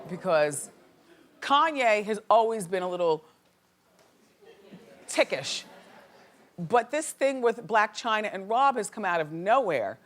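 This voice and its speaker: A woman's voice: medium pitch, slow pace, long pauses. Chatty woman host dishing celebrity gossip. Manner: chatty, animated, opinionated. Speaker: talk show host. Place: TV studio with live audience.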